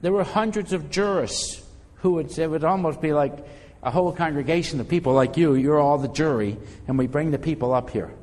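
A man's voice: on the high side, fairly quick, a little mellow, big-room sound. A man preaching a sermon as pastor, talking in a loose conversational way and often repeating words as he finds his phrasing.

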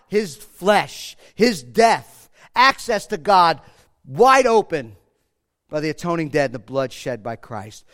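A man preaching a sermon as pastor, moving from hushed, slow lines to loud, fervent ones. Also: high voice. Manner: passionate preaching, swings from quiet to loud.

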